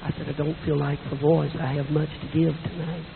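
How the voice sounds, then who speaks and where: A middle-aged man preaching a sermon in a church with a hoarse, weak voice, telling folksy stories with self-deprecating asides. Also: fairly high pitch, little pitch movement, brisk. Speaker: visiting preacher. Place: church sanctuary. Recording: tinny echoey church recording with hiss.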